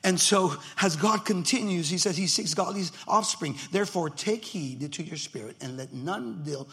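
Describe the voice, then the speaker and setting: A male pastor preaching a sermon emphatically, swinging from shouts to near whispers and acting out members of the congregation. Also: high-pitched, normal speed, few pauses.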